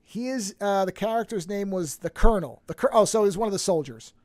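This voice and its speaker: A man's voice: sits high, expressive, fast, a little mellow, no room sound, studio quality. A man co-hosting a casual film discussion, wry and enthusiastic as he talks.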